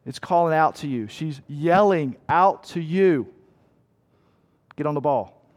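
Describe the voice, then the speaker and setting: A man preaching a sermon as pastor, animated, acting out voices and cries and repeating lines for effect. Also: a little high, a little slow. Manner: animated, acts out voices and cries, rhetorical repetition.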